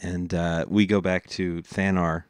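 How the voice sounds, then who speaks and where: A man with a deep, low voice narrates a tabletop game as its game master. He talks hesitantly, full of small pauses and restarts. The sound is dry and close, with no room to it. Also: little pitch movement, clear, resonant tone, no room sound. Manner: hesitant, lots of uh and restarts, laughs often.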